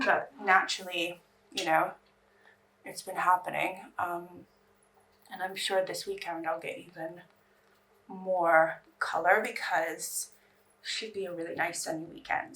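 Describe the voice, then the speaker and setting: Woman doing a grwm makeup vlog, rambly and anxious, bit of fry, mic kinda far off. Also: mid-range voice, fairly bright tone. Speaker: beauty vlogger. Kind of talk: casual get-ready-with-me chat.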